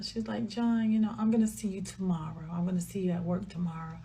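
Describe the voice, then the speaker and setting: A woman's voice: medium pitch, steady tone, dark tone, a little hiss or hum. Woman telling a steamy story. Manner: dramatic, drawn-out retelling with quoted dialogue, dropping to a murmur for characters. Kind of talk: casual storytime narration.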